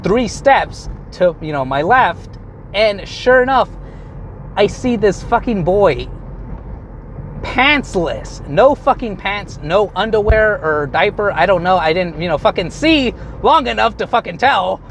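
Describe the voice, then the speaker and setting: A man's voice: high-pitched, lively intonation, a little slow, a bit bright, slight background noise. Rambling, profane young man telling a story in his car. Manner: rambling, profane, self-interrupting retelling. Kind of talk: casual storytelling while driving.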